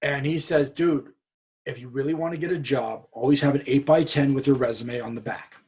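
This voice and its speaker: A man's voice: medium pitch, steady tone, brisk, a little mellow, breathy edge. A man from California telling a story in a casual podcast chat, acting out what other people said. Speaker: podcast guest.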